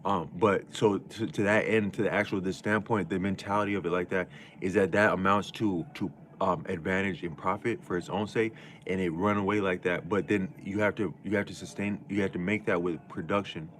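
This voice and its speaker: Rambling low-voiced male livestreamer. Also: fairly even intonation, a little fast, fairly bright tone, a little hiss or hum. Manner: rambling and slangy, with many restarts. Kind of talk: casual livestream monologue.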